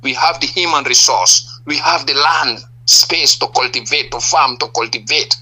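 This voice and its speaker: A man's voice: medium pitch, moderate pace, pushed and bright, slightly rough, poor audio. A man with a Gambian accent, a political party leader giving impassioned answers in a radio interview, stressing point after point and firing rhetorical questions.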